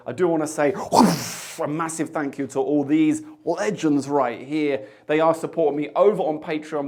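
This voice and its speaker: A man's voice: fairly high pitch, darkish tone. A man, a bartender, chatting casually to camera as he tastes cocktails, with jokey asides. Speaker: bartender host. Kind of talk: casual tasting chat to camera.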